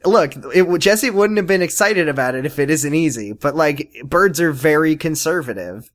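Animated joking young man. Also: a little high, normal speed. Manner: jokey, animated, breaks into laughter. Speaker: podcast co-host. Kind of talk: casual recap chat.

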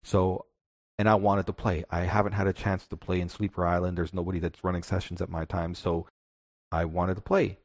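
A man's voice: low voice, level tone, a little fast, a little mellow, dry recording, clean studio sound. A male podcast co-host chatting casually and reflectively about tabletop games, often restarting his sentences.

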